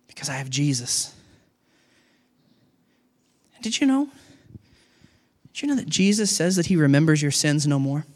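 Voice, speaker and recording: A middle-aged man preaching a sermon as a pastor, animated and acting out little dialogues with God. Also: on the high side, moderate pace, pauses often, big-room sound.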